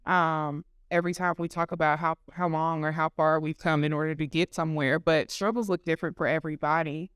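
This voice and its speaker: A woman hosting a live panel talk, chatty and lively, with laughing asides to the audience. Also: sits low, a little fast, hardly any pauses, smooth, dry recording, studio quality. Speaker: panel host.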